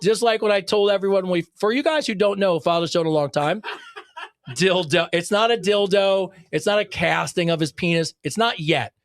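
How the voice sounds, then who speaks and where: A man co-hosting a casual podcast, talking in an excitable, rambling way with plenty of swearing and laughter. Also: high-pitched, moderate pace, no echo, studio quality. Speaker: podcast co-host.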